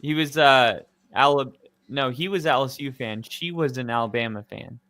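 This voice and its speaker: A man's voice: medium pitch, moderate pace, a bit bright. A man co-hosting a football live stream in casual chat, rambling with lots of fillers.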